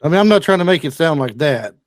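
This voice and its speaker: A man guest on a movie podcast, talking in a relaxed, self-deprecating way with halting restarts. Mid-pitched voice, recorded dry. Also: no echo. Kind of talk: casual movie podcast chat.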